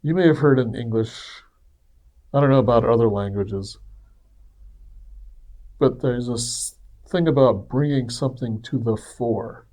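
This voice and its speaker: A man's voice: mid-range voice, darkish tone. A man talking through his personal reflections in a casual, earnest, conversational monologue. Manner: earnest, conversational, acts out quoted voices. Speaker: speaker sharing personal reflections.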